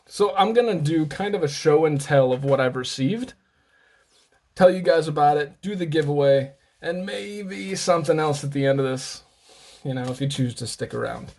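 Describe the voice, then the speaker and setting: A man's voice: fairly high pitch, moderate pace, a little mellow. A man hosting a casual show-and-tell vlog, chatty and rambling, often correcting himself, slightly out of breath. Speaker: host of a knife and gear channel.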